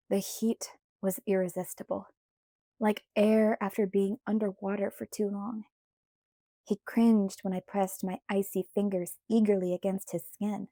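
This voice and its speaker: A woman narrating a novel aloud in an unhurried, even storytelling manner. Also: mid-range voice, dry recording, clean studio sound. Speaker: audiobook narrator.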